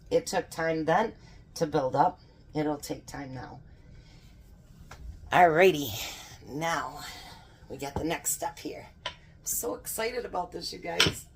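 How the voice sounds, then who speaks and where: A home cooking vlogger with a low voice chats folksily while cooking in her kitchen, laughing often. The background is noisy.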